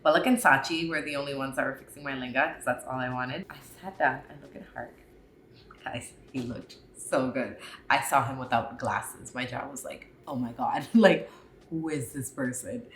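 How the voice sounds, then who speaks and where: Young woman vlogger, low pitch, bright tone, chatty and gushing, recorded in a roomy space. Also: moderate pace, slight background noise. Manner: chatty, gushing, emotional retelling. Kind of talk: casual storytime recap. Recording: echoey room with faint ambience.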